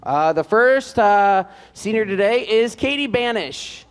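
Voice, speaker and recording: A man announcing at a ceremony and reading aloud, in a relaxed, joking way with frequent hesitant "uh" fillers. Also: sits high, measured pace, big-room sound, very noisy. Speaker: announcer introducing band seniors.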